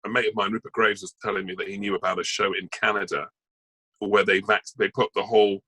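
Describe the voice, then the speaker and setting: Man, actor guest on a talk show, lowish voice, bright and forceful, chatty and rambling, dry close sound. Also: flat delivery, fast talker, dry recording, rough recording. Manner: chatty, rambling, full of asides. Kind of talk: casual interview chat.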